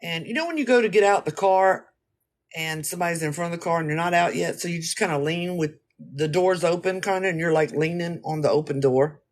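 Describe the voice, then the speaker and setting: Speaking fairly quickly in a slightly high voice, a man casually rambles through an animated story, full of slang and aimed straight at his audience.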